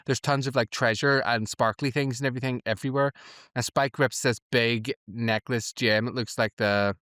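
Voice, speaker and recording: A man's voice: mid-range voice, steady tone, normal speed, a bit bright, no echo, studio quality. A man, co-hosting a casual TV reaction podcast and retelling scenes with quoted lines. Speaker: podcast co-host.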